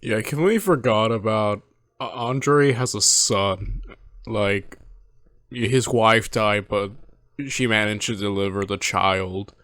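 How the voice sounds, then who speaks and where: Young man, low voice, smooth, dry close sound, rambling heartfelt reaction talk. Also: slow pace, fairly bright tone, no room sound. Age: 20s. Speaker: reaction video host. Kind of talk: casual reflective commentary. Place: at home.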